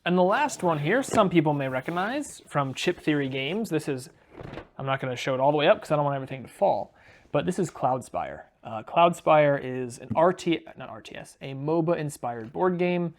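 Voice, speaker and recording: Man, slightly higher-pitched voice, casual home vlog, relaxed and chatty, filler-heavy. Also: normal speed. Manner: relaxed, chatty, frequent ums and uhs. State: briefly out of breath after carrying boxes. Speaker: board game video creator. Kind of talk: casual talking-head vlog.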